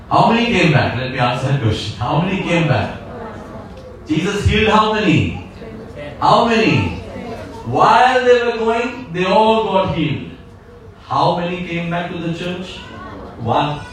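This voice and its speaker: A male pastor preaches in a high voice, calling out hallelujahs and questions to his congregation. His voice rings through a very echoey hall. The mic sits some way from him. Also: far from the mic, a little hiss or hum. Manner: repetitive call-and-response, frequent hallelujahs. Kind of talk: sermon.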